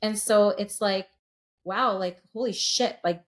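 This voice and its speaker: A woman's voice: mid-range voice, takes it slowly. A woman in her late thirties, a sound healer speaking as a podcast guest, telling her story openly and earnestly and swearing freely. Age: late 30s. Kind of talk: candid podcast conversation.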